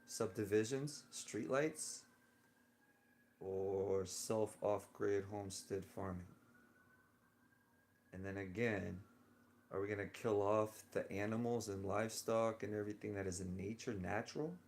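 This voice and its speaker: Guy rambling from his bed, low voice, talks real slow, keeps chuckling to himself. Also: steady tone, gravelly, a little mellow, slight background noise. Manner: musing, drifting, with frequent chuckles. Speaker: vlogger. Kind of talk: rambling personal monologue. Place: lying in bed indoors.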